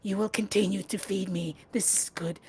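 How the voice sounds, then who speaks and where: Snail god, hungry and self-important, played by a woman in a low, slow purr. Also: steady tone, darkish tone, breathy edge, no room sound. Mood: gloating. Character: giant fleshy snail god, male, hungry, pompous.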